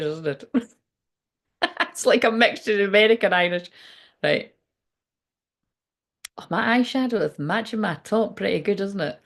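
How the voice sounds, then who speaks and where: A woman's voice: mid-range voice, expressive, a little slow, long pauses. A woman doing a casual card-reading livestream. She chats and rambles, swears freely, laughs often and reads the card text aloud. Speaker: tarot and oracle card reader.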